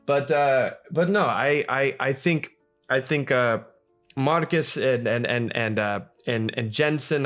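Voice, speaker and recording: A man voicing a fond, chiding wife who teases and stammers, slightly higher than his own voice. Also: lightly acted. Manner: stammering, gently teasing.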